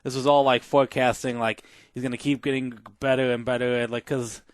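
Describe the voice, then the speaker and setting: A man's voice: medium pitch, level tone, a little fast, no room sound. A man co-hosting a casual podcast, hesitant and curious, full of fillers and restarts, on a close studio mic. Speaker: podcast co-host.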